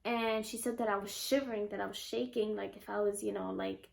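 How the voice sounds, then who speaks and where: A young woman vlogger telling a personal story in a chatty, animated way and acting out what others said. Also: medium pitch, a little fast, vocal fry. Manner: chatty, animated, acts out quotes. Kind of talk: casual storytelling to camera.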